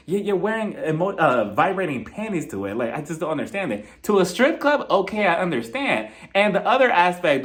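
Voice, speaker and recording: A man's voice: fairly high pitch, a bit bright. Chatty man recapping reality TV. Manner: chatty, laughs often, acts out quotes. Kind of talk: casual solo commentary.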